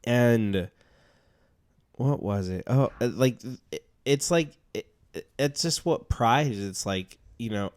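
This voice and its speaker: A man co-hosting a podcast, musing casually and haltingly, with many fillers. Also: mid-range voice, animated, darkish tone. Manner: halting, filler-heavy musing with "like" and "you know". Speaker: podcast co-host. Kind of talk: casual chat.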